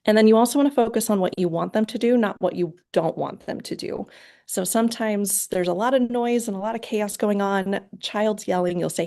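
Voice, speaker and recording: A woman with a lower voice and a gravelly edge gives an online lecture. She explains each step clearly and slips into short quoted lines from parents and kids. Her voice comes through a video call. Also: a little mellow. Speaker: parent training presenter. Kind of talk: lecture presentation.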